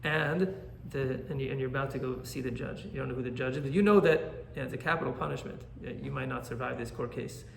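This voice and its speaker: A man, a rabbi, teaching an animated Torah class and often checking in with "right?". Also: medium pitch, fast, vocal fry, roomy sound, a little hiss or hum.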